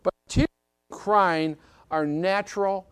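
A man's voice: high voice, slow, fairly bright tone, smooth, no echo. A man preaching a sermon in an emphatic way, repeating key phrases and often checking with listeners by asking "okay?". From British Isles.

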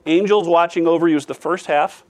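A man's voice: fairly high pitch, steady tone, a little fast. A man leading a Bible study class, talking loosely with frequent fillers and restarts as he draws answers from the group. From former math teacher. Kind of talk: leading a church group discussion.

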